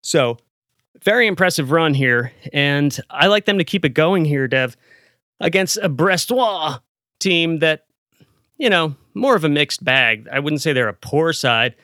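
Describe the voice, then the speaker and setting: A man from the United States talks through matches in a wry, confident way. His voice is bright and crisp, and the dry, close sound keeps it upfront. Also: a little high, expressive, measured pace, dry recording. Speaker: podcast co-host. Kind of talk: casual podcast analysis.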